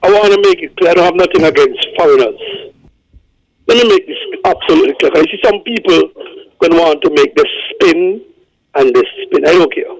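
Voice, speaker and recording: A man's voice: fairly high pitch, lively intonation, a little fast. A man with a Kittitian accent calling in to a radio show, insistently repeating his indignant points. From Saint Kitts and Nevis. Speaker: caller. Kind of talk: call-in radio rant. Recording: dry phone line.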